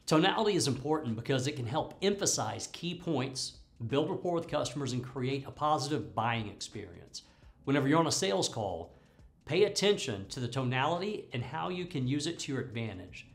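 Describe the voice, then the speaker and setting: A man's voice: medium pitch, big pitch swings, a little fast, vocal fry. A man teaching sales technique as a trainer, coaching and laying out tips point by point. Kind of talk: instructional talk on sales technique. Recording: faint background music.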